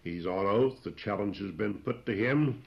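Low-voiced male preacher, plain and deliberate, pauses often, on a muffled old recording. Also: creaky. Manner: plain-spoken, explains old scripture wording, frequent "uh" pauses. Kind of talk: expository sermon. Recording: dull lo-fi recording.

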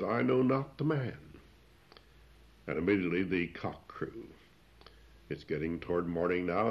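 A man preaching an expository sermon, explaining old scripture wording in plain speech with frequent pauses. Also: deep voice. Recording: dull lo-fi recording.

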